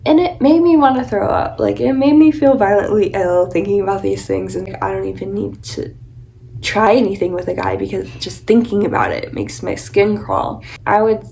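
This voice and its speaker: A woman's voice: medium pitch, lively intonation, moderate pace, gravelly, darkish tone, slight background noise, low-quality recording. A young woman casually telling a personal story in a confiding way, full of filler words. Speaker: content creator.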